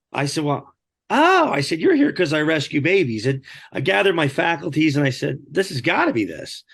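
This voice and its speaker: A man's voice: a little high, creaky. A man, a podcast guest, telling a story animatedly and acting out quoted lines. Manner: animated, acts out quoted dialogue. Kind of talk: storytelling in conversation.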